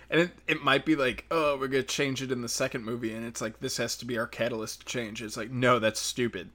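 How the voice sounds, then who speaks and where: Profane ranting young man, bright voice. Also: mid-range voice, fairly quick. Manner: profane, animated, quotes characters in mocking voices. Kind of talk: casual ranting movie review.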